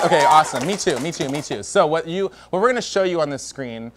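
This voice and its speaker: A man's voice: a little high, lively intonation, fast, hardly any pauses, heavy background noise. A man hosting a variety show, doing a comedic news monologue in a studio and laughing between jokes. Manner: joking, laughs between lines. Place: studio with a live audience.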